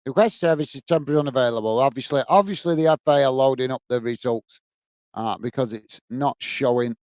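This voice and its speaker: A man's voice: mid-range voice, quick pace, darkish tone, dry recording. A man hosting a live football watch-along, chatting casually, reading out viewer comments and thanking them by name, easily frustrated. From England. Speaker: football channel host.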